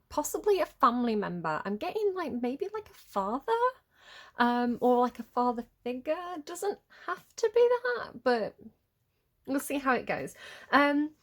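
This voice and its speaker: A woman's voice: fairly high pitch, sing-song, unhurried. A woman giving a casual tarot reading in a chatty, rambling way, often hesitating with fillers. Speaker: tarot reader.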